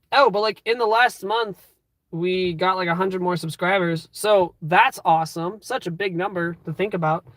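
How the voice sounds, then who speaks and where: A man's voice: a little high, a bit bright, dry recording. A man in his twenties hosting a casual live stream from inside his car. He rambles in an upbeat way, with plenty of fillers, and talks to his viewers through a phone. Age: 20s. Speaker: livestream host.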